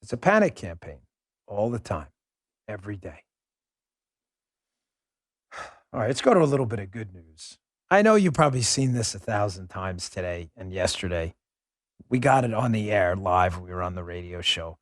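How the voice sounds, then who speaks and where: A man's voice: fairly low pitch, big pitch swings, normal speed, pauses often, no room sound, clean studio sound. A man hosting a political commentary show, talking in a combative, ranting and mocking way. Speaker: host.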